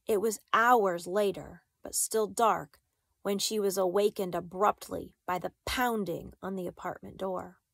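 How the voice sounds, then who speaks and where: Woman narrator, measured storytelling, dry close mic, mid pitch. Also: steady tone, gravelly, a bit bright, dry recording. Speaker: audiobook reader. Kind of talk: reading a children's novel aloud.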